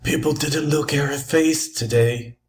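A man's voice: fairly high pitch, fairly even intonation, a little slow, natural voice. A man playing a prying neighbor who makes pointed hints. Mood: insinuating. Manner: pointed, insinuating. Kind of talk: amateur play reading.

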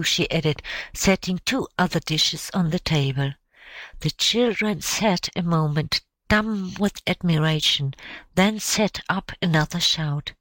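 Slow, low-voiced woman narrator. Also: a bit bright, no room sound. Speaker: audiobook narrator. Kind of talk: scripted narration.

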